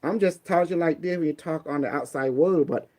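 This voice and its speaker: A man's voice: a little high, a little fast, warm tone. A man from Cambodia giving blunt, streetwise, preachy advice in a casual motivational talk. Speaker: online talk host.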